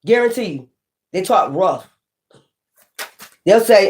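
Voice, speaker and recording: A woman giving a casual tarot reading to viewers, emphatic and rambling, swearing freely, swinging from near-shouts to low muttering. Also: big pitch swings, a little slow, long pauses, slight background noise. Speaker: tarot reader.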